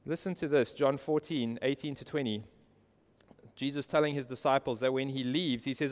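A man's voice: medium pitch, steady tone, normal speed, long reverb tail. A man preaching a sermon earnestly, asking his listeners direct questions. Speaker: pastor.

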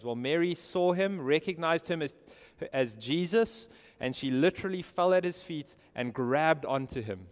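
A man's voice: on the high side, lively intonation, moderate pace, hardly any pauses, big-room sound. A man preaching a sermon earnestly, asking his listeners direct questions. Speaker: pastor.

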